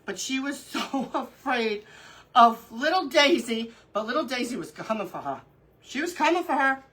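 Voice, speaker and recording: Middle-aged woman, craft stream host, lively laughing storyteller, bright tense voice, a bit high. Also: moderate pace, breathy edge, low-quality recording. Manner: animated storyteller, laughs often. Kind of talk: casual chat during a live crafting stream.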